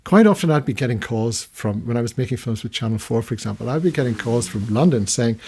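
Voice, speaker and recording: An older man, a retired documentary filmmaker from the United Kingdom, recounting his career as a guest in a long-form radio studio interview, animated and full of restarts. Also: mid-range voice, quick pace, slightly rough. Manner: storytelling, animated when recounting, many restarts.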